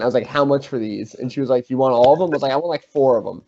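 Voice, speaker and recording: A man's voice: mid-range voice, very fast, few pauses. Young man telling a story, lo-fi sound. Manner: animated, swearing, acts out quotes. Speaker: podcast host. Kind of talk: casual storytelling among friends. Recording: slightly dull lo-fi sound.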